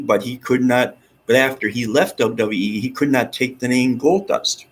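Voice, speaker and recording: A man vlogging in a rambling, excitable monologue, with some swearing. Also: medium pitch, low-quality recording. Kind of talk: casual monologue.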